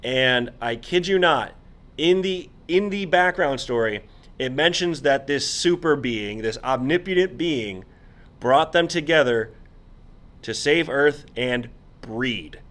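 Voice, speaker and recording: A man's voice: mid-range voice, takes it slowly. A man co-hosting a casual podcast chat, walking through an old comic book with an incredulous, amused manner. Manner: animated, amused, incredulous storytelling. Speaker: podcast co-host.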